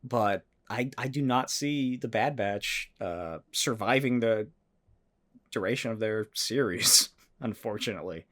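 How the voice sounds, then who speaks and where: A man hosting a solo podcast, talking casually and excitedly, with frequent swearing and animated rants. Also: on the low side, measured pace. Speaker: podcast host.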